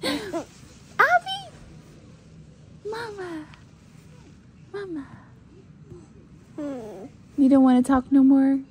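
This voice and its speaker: Mom gently coaxing her son, high bouncy voice, super slow. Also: slightly rough. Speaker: mother. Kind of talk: baby talk with her son. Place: hospital room.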